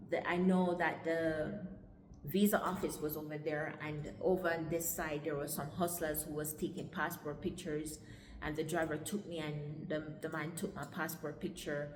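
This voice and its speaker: Jamaican woman, lowish voice, casual life story, echoey room with long reverb. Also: flat delivery, darkish tone, slight background noise. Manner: halting, conversational retelling.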